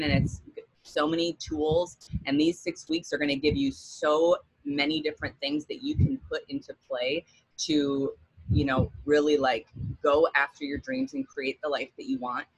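A woman with a rough morning voice giving an earnest, encouraging pep talk on a coaching call. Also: low voice, no room sound, poor audio. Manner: earnest and encouraging, steady build to emphasis.

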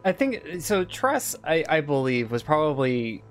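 A man's voice: fairly high pitch, big pitch swings, a little slow, soft background music. A man running a tabletop game as game master, narrating with lots of hesitant fillers.

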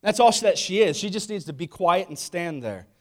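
Man preaching with jokes and audience questions, higher voice. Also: expressive, fairly quick. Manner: jokey, asks the audience questions. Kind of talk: humorous sermon talk.

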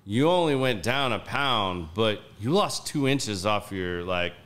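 A man hosting a podcast, telling stories in a casual, profane, animated way. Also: lowish voice, measured pace. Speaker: podcast host.

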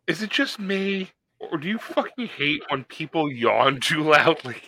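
A man's voice: a little high, big pitch swings, measured pace, bright, forceful tone, slight background noise. A man co-hosting a podcast, ranting in casual, profane chat and putting on comic voices. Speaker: podcast co-host.

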